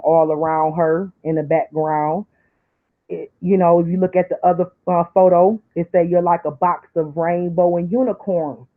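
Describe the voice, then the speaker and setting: A woman talking on a live stream in a preachy, emotional way, dropping low for asides and climbing high when she pleads. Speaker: online commentator. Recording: tinny phone-like line.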